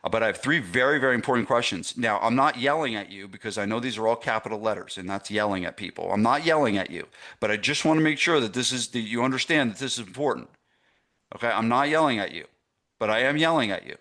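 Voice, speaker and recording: This gym business coach, a middle-aged man, talks fast with lively intonation in a medium-pitched, fairly bright voice. He's teaching gym owners in a live online masterclass, stressing points and checking in with the audience.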